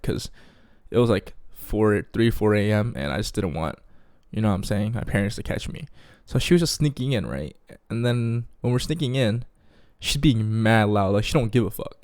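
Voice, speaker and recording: A man's voice: fairly low pitch, fast, no echo, clean studio sound. Slangy young man telling a story. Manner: slangy, keeps asking "you feel me?". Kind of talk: casual storytime vlog.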